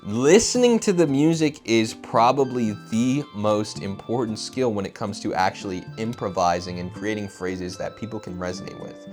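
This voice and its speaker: Guitar teacher talking over music. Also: male voice, fairly low pitch, moderate pace, few pauses, a little mellow. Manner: scat-sings phrases along with his guitar. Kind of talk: casual guitar lesson. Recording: music playing behind the voice.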